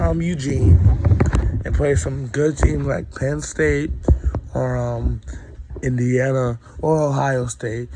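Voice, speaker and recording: Over background noise, a young man with a cold, sick and coughing, gives a rambling, opinionated college football recap in a mid-range voice. It's a casual sports monologue packed with ums.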